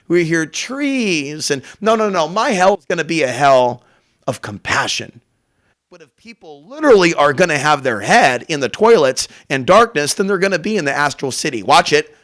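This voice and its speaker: A man's voice: a little high, sing-song, normal speed, a bit bright. A man hosting a morning show in a rambling, profane, brash casual monologue. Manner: brash, profane, jumps between topics. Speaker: host.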